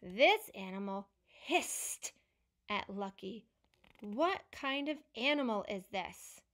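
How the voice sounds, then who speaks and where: Slow, upbeat woman speech therapist. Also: medium pitch, animated, fairly bright tone. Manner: slow, encouraging, asks questions and praises. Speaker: speech-language pathologist. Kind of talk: children's picture book lesson.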